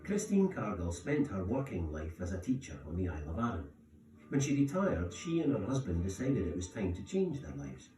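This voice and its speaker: Man, documentary narration, low voice, animated delivery, roomy distant sound with music. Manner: measured, lively narration.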